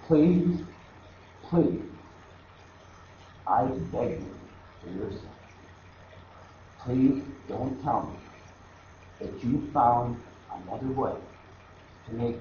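A man voicing Jesus, pleading softly. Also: mid-range voice, a little hiss or hum, close to an everyday voice. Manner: repeated pleading, soft and slow. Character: Jesus on the cross, pleading, tender and grieving. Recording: echoey, dull hall recording.

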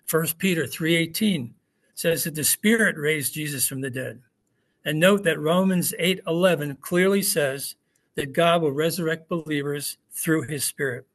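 Male pastor, slightly high voice, conversational sermon with rhetorical questions. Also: measured pace, fairly bright tone. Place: church hall with congregation.

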